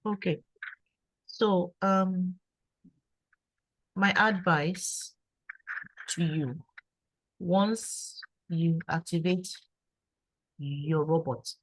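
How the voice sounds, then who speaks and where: A woman with a fairly low voice gives advice at an online meeting. She stammers and repeats words, and her voice sounds dry and close to the mic. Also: very slow, long pauses, no echo, low-quality recording. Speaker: guest speaker sharing her trading story.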